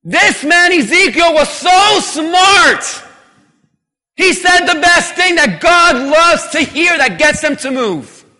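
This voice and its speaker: A male pastor preaching emphatically and calling on the congregation to answer back. His voice sits very high and sounds bright and sharp. A long reverb rings around him in a big church hall. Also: lively intonation, slow. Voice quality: emphatic, call-and-response preaching. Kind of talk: sermon.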